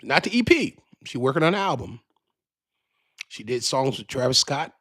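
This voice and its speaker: A man's voice: medium pitch, very animated, moderate pace, fairly bright tone, dry recording. A man hosting a podcast, ranting casually in a profane, rambling way, often restarting his sentences, into a studio microphone. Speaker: podcast host. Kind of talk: casual rant.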